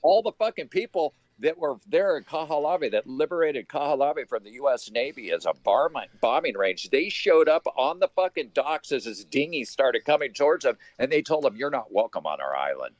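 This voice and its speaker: A man tells a story with heat and plenty of swearing as a guest on a loose live political chat. His pitch jumps up and down a lot as he talks. The sound is dry and close, with no room around it. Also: animated, moderate pace, few pauses, dry recording. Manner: heated, profane storytelling.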